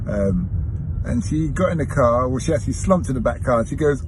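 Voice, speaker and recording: Man, taxi driver, casual storytelling, chatty, self-correcting, car and street noise clearly audible. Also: medium pitch, lively intonation, a little fast, poor audio.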